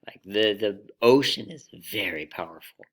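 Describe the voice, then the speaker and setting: A man giving a reflective personal storytelling talk, pausing dramatically between short phrases. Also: lowish voice, expressive. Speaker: storyteller speaker.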